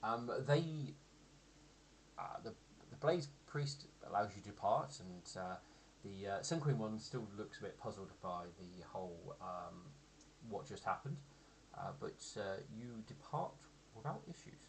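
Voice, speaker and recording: Hesitant low-voiced man running a game. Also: animated, unhurried, vocal fry, a little hiss or hum. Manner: hesitant, many ums and restarts. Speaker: game master. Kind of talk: narrating a tabletop game.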